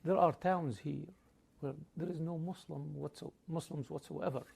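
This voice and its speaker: A man conducts an interview in a measured, deliberate way. His voice is gravelly with a husky edge and sits a little high. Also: steady tone, mellow. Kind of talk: interview questions.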